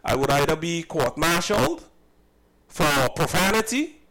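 A man's voice: on the high side, very animated, measured pace, bright, forceful tone, rough recording. A man from Saint Kitts, a cook and business owner, recounting a personal incident in an emphatic, indignant way and often repeating himself.

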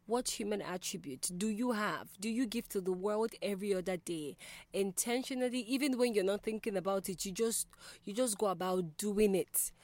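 A woman's voice: medium pitch, moderate pace, darkish tone, no echo. A woman hosting a call-in radio show, talking in a reflective, conversational way and putting questions to her listeners.

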